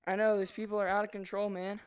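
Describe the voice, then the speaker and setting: A woman livestreaming a game, excitable and quick to laugh as she calls out to other players and her chat. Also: mid-range voice, clear, resonant tone. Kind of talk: live gaming stream chatter.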